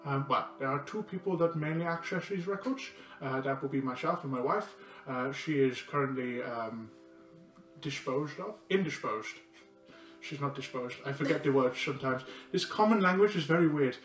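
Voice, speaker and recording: A man's voice: mid-range voice, expressive, moderate pace, close to an everyday voice. A man voicing a flustered male clerk who rambles hesitantly, recorded in a roomy space from a distance with faint music behind. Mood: fumbling. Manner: rambling and hesitant, many ums.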